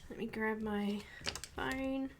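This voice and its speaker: A woman hosting a live coloring stream, murmuring quietly to herself as she works and chatting casually with viewers. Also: a little high, fairly even intonation, slow pace, gravelly, background noise. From Australia. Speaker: livestream host.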